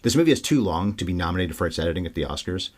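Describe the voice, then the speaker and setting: Low-voiced guy talking fast on a movie podcast, chatty. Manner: chatty, animated, quick. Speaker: podcast co-host. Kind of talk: casual film-review chat.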